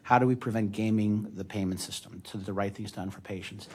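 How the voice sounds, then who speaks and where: A man's voice: fairly low pitch, steady tone, brisk, a little mellow, husky. A man on a discussion panel explaining a point with plain everyday examples, in a wry tone.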